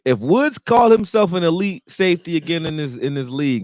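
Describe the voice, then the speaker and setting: A man hosting a live stream, chatting loosely with slang and getting loud and heated when reacting to plays. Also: fairly high pitch, big pitch swings, brisk, no echo, studio quality. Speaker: livestream host reacting to a football game. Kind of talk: casual live commentary chat.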